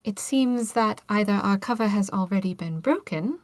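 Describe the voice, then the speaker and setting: A woman's voice: medium pitch, moderate pace, dry recording. A woman playing a tabletop game, asking chatty, hesitant questions full of fillers. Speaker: player. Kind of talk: casual tabletop play.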